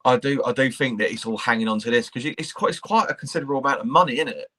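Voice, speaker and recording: A man's voice: medium pitch, very fast, fairly bright tone. A man, co-hosting a casual football chat, blunt and sweary as he rants. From England. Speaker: podcast co-host.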